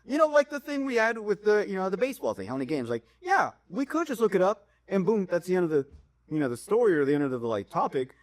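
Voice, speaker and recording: Animated young man telling stories. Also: fast, no room sound, studio quality. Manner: animated storyteller, voice jumps high when worked up. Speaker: podcast co-host. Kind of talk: casual chat.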